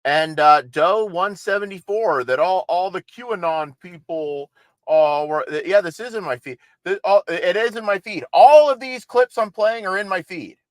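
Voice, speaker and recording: A man comments on a livestream in a blunt, mocking and exasperated way. His voice is fairly high for a man. The sound is dry and close to the mic. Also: normal speed, no echo, low-quality recording. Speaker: host.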